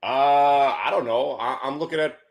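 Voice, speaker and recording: A man's voice: mid-range voice, normal speed, vocal fry, muffled recording, a little hiss or hum. A man joining a market show as a guest over a video call, rambling eagerly about his trades. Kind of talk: casual market chat.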